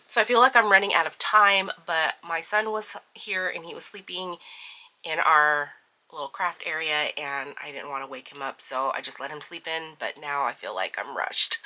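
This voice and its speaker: Woman, middle-aged, low pitch, crisp bright tone, casual budgeting chat, lots of ums. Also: moderate pace. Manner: chatty, filler-heavy, counts money aloud. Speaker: budgeting channel host. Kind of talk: casual chat while counting cash.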